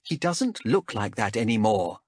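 A man's voice: on the low side, very animated, unhurried, darkish tone, slightly rough, no room sound, studio quality, full character voice. A male narrator voicing a stubborn young woman explorer who speaks earnestly and defensively in a raised voice. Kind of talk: audiobook character voice.

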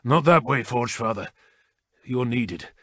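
Narrator doing a steadfast warrior captain, firm and urgent, dry close read. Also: male voice, medium pitch, slow, bright, forceful tone, dry recording. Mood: commanding.

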